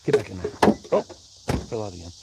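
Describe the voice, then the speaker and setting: A man's voice: low-pitched, lively intonation, fast, creaky, very noisy. A man hosting a casual livestream, rambling in a folksy way and greeting his chat by name. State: out of breath. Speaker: livestream host. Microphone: wireless mic worn on body.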